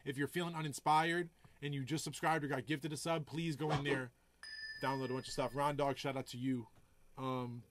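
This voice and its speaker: A man producer chatting casually on a live stream, telling loose stories full of swearing and giving hyped shout-outs to viewers. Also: mid-range voice, steady tone, normal speed, slight background noise. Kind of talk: casual livestream chat. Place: home music studio.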